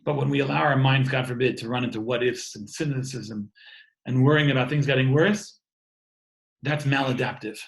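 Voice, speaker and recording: An earnest man in his thirties gives an inspirational talk from home over a video call. His voice sits in an ordinary middle pitch, and he often repeats words as he builds his points. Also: normal speed, vocal fry, rough recording. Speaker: speaker giving an online talk. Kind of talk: warm inspirational talk to an online audience.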